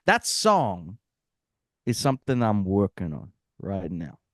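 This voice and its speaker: A young man with a mixed Australian and Bosnian accent talks as a guest musician, tumbling through tangents and asking whether he makes sense. His voice rises and falls with lively swings. The sound is close and dry, with no room around it. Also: low-pitched, slow pace, no room sound. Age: young adult. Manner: rambling, animated, asks if he makes sense. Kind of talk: casual interview chat.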